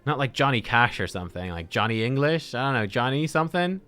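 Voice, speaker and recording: A man's voice: mid-range voice, lively intonation, fast, pushed and bright, soft background music. A man giving casual let's-play commentary, rambling and self-deprecating as he thinks aloud. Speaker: gaming video creator.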